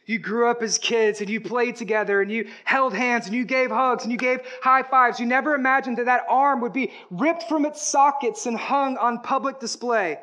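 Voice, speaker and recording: A man preaching a sermon, swinging between hushed, slow passages and loud, rising declarations. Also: very high-pitched. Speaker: pastor.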